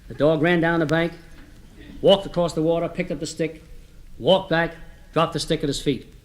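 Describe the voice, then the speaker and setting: A man with a fairly high voice spins homespun jokes for a comedy record. His telling is chatty and easygoing, and he turns often to his listeners as he goes. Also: steady tone, normal speed. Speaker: comedy storyteller.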